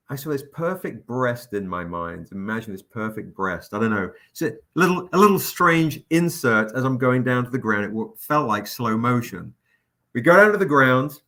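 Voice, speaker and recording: Guy with a bright punchy voice telling a wild story on a stream, swears a lot. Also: medium pitch. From England. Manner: animated, profane anecdote-telling. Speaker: comic publisher hosting a livestream. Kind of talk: casual livestream storytelling.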